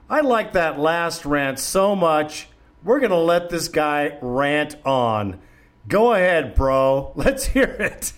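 Chummy male fan-show host. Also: a little high. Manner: relaxed, chummy, laughs with callers. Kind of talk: casual call-in show hosting.

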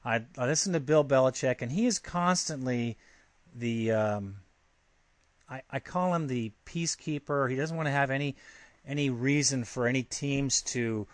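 A man's voice: mid-range voice, normal speed, no echo. A man hosting a sports podcast, talking casually and brashly, heckling a writer in a fan-style rant. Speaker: podcast host.

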